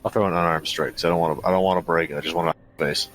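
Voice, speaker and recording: A man playing a tabletop game, gruff and quick to swear. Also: low voice, fairly even intonation, fairly bright tone, faint music behind. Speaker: player. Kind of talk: casual tabletop play.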